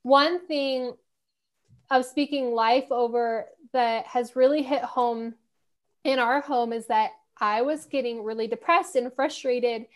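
Earnest woman podcast host, higher voice. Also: steady tone, slow. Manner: earnest, candid, fillers like "like". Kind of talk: casual faith podcast chat.

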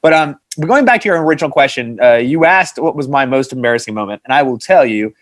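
A man's voice: medium pitch, expressive, fast, no room sound. A man, a film producer, telling stories in a casual interview chat, often laughing and swearing. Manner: laughing, profane storyteller.

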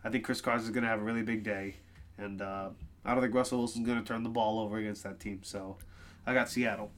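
A man co-hosting a casual sports podcast, talking through football picks in an animated, exasperated way, groaning and loosening up between points. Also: fairly low pitch, fast talker. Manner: animated, groaning and exasperated about his team. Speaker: podcast co-host.

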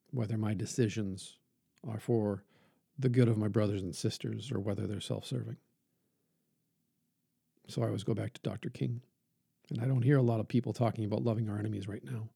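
A male preacher talking earnestly with measured pauses, then reading a sermon aloud with rising emphasis. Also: fairly low pitch, vocal fry, dark tone, breathy edge, dry recording, studio quality. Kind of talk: podcast reflection and sermon reading.

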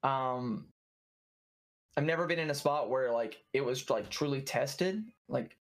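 A man's voice: mid-range voice, a little slow. A man, a streamer chatting casually, rambling with lots of fillers and laughing often. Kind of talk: casual chat.

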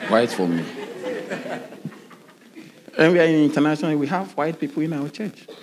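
A man preaching a sermon as pastor, animated, with sudden high shouts and laughing asides. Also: quick pace, a crowd in the background.

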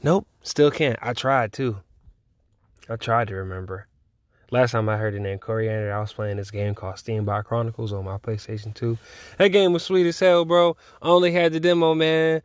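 A man's voice: mid-range voice, steady tone, normal speed, no room sound. Twenties guy rambling solo on a podcast, swears a ton, laughs a lot, dry close mic. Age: 20s. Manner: profane, laid-back and rambling, with frequent laughs. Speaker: podcast host. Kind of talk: casual solo chat.

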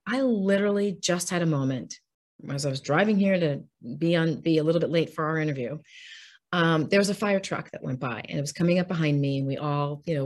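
A woman's voice: low-pitched, a little mellow. A woman interviewed as an author, speaking candidly and earnestly in a heartfelt, open conversational way. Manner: earnest, heartfelt, speaks openly about grief.

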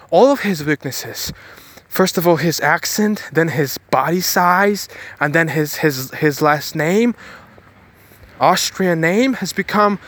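Speaking a little slowly in an animated, high-leaning voice with a fairly bright tone, a man delivers a motivational monologue straight to his viewers. He's an outdoor vlogger about to catch a bus, emphatic and repetitive, often starting his words over.

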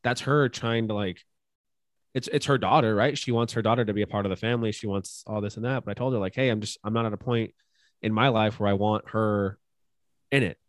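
A young man with a low voice speaks earnestly on a casual podcast, mixing joking banter with gentle advice. He is recorded close and dry, with no room sound. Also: steady tone, fairly quick, no room sound. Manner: earnest, gently advising, with fillers and asides. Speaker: podcast co-host. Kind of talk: casual chat.

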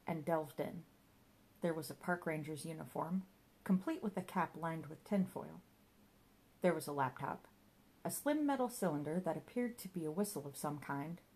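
A woman's voice: low-pitched, darkish tone, slightly rough. A woman narrating a comic novel in a wry storytelling manner. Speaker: audiobook narrator.

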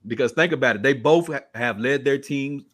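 A man's voice: mid-range voice, fairly quick, a bit bright, no echo. A man hosting a casual sports podcast, leading the segments in a laid-back way. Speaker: podcast host.

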